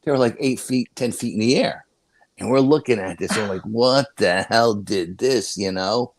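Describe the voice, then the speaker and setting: Older man, paranormal investigator guest, deep voice, dry close sound, rambling casual storytelling. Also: moderate pace, no room sound. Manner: rambling, full of "you know" and restarts.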